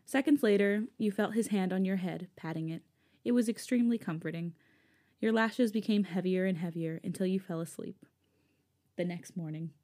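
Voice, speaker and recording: A woman's voice: medium pitch, moderate pace, mellow. A young woman co-hosting a podcast, casually reading fanfiction aloud in a playful, giggly way. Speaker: podcast co-host.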